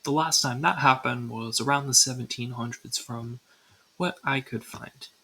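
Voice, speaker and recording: A woman's voice: a bass voice, moderate pace, bright, forceful tone, breathy edge, rough recording. A young woman narrating a scripted ranking video with casual, dry asides. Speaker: video creator.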